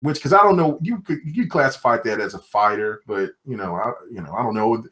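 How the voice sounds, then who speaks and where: A man co-hosting a casual gaming podcast, talking loosely with lots of slang and laughter. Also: brisk. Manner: animated, swings pitch up and down, laughs a lot, slangy. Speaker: podcast co-host.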